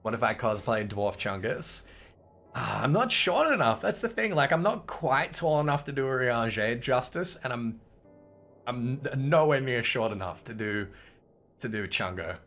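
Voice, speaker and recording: A man chats casually while he plays, tossing out jokes and rambling with lots of fillers. His voice has a gravelly edge and a bright, forward tone, with faint music underneath. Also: mid-range voice, expressive, normal speed. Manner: chatty, jokey, rambling with fillers. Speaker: gaming streamer. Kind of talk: casual let's-play commentary.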